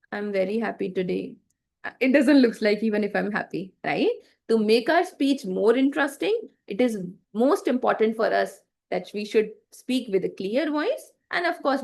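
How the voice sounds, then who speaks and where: A woman with a somewhat high voice gives an online class lecture over a video call. She explains step by step, checks in often with questions to her listeners, and acts out bad examples to show what not to do. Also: vocal fry. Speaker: teacher.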